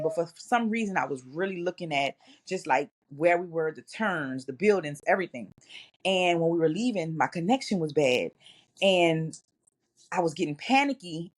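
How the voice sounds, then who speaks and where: A woman in her thirties, a radio guest telling a personal faith story in an earnest, halting way. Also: low-pitched. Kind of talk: personal testimony in an interview.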